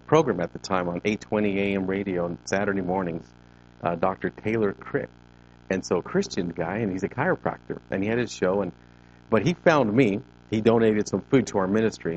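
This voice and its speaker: A man in his fifties with a lowish voice tells a group in a gym a personal testimony. He chats easily and slips into the voices of people he quotes. The recording sounds dull and lo-fi. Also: slight background noise. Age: 50s. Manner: conversational storytelling, acting out quoted exchanges. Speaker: ministry leader giving a talk. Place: CrossFit gym.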